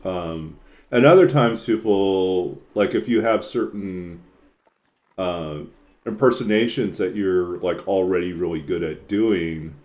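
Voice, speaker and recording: A man's voice: sits low, a little mellow. A man streaming a game and chatting casually, rambling with lots of filler words and frequent chuckles. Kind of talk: casual chat while playing.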